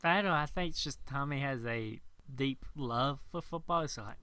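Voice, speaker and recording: A man's voice: mid-range voice, moderate pace, bright, forceful tone, clear, resonant tone, no echo. A young man co-hosting a podcast, chatting casually and often restarting his sentences. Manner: hesitant, restarts sentences, quoting movie lines. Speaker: podcast co-host. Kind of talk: casual chat.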